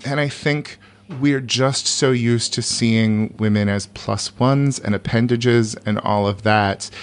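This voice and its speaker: A man's voice: fairly low pitch, fairly bright tone. Rambling, laughing man in his forties. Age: 40s. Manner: rambling, many fillers and self-corrections, laughs often. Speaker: comedian guest. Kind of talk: casual conversational storytelling.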